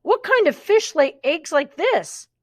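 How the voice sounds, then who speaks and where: Lady doing a high confused little boy, all wonder and worry. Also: very animated, measured pace, dry recording, studio quality, exaggerated voice. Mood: bewildered. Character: bewildered feverish boy, curious and scared.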